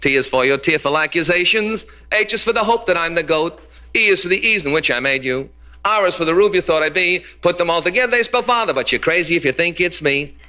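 A man's voice: fairly high pitch, lively intonation, fast talker, bright, forceful tone. A man performing a stand-up routine in a club, teasing the audience and dropping Yiddish punchlines in a brash manner. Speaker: stand-up comedian. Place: live club before an audience.

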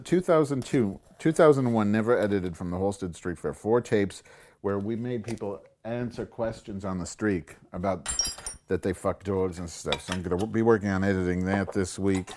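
This is a man with a low-leaning voice at normal speed, background noise audible, running a crude live webcam show indoors at home. Captured on a computer microphone, he curses and sarcastically mock-insults his viewers, muttering asides while making tea.

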